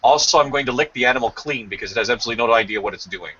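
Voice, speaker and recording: Calm guardian boxer dog, male, low-key and deadpan, as a man puts him on. Lo-fi stream sound. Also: very fast, over a noisy crowd, close to an everyday voice. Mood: matter-of-fact. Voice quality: low, hushed, matter-of-fact. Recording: slightly dull lo-fi stream audio.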